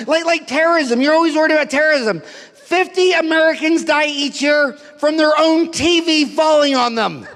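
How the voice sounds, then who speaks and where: A man's voice: very high-pitched, normal speed, fairly bright tone. A middle-aged man giving a brash, profane, comedic rant at a seminar, telling stories one after another. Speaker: seminar speaker. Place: conference hall. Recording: hall reverb, live seminar.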